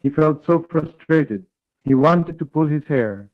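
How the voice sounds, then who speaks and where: A man reading a third-person story aloud in a flat, read-aloud way as a call partner. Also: a little high, measured pace. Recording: tinny online call audio.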